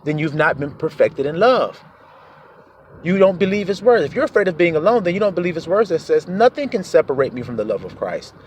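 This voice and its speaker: A man preaching a sermon, animated, acting out quoted voices as he goes. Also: fairly high pitch, brisk, a little hiss or hum.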